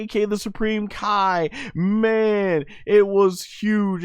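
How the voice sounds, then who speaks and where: A man giving an excited, enthusiastic breakdown of an anime fight, sometimes acting out the characters' shouts. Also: high-pitched, smooth, no room sound, studio quality. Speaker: anime commentary host.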